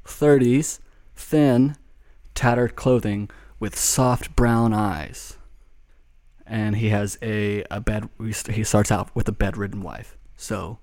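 A man's voice: on the low side, fairly even intonation, slow, darkish tone, dry recording. A man hosting a casual script read, chatty and profane with loose restarts. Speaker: script reading host. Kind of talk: casual chat and script narration.

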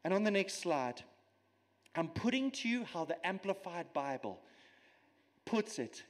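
A man giving a sermon as a guest preacher, animated and teaching with everyday examples and asides. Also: high voice, a little slow, big-room sound. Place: church.

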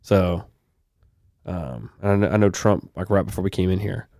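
A young male podcast co-host reads news items aloud, pausing now and then for loose asides. His slightly low, mellow, gravelly voice moves at normal speed, recorded close and dry.

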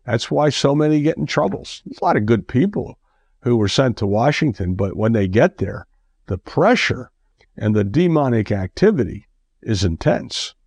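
An earnest man delivers a radio sermon, urging and repeating his points. The recording is dry and close, with no room sound. His pitch is mid-range. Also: very animated, moderate pace, darkish tone, slightly rough, no room sound. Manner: earnest, repetitive exhortation. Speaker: preacher.

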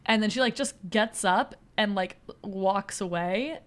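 A woman's voice: mid-range voice, a little slow. A woman co-hosting a casual movie recap, retelling scenes animatedly and swearing freely. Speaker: podcast co-host.

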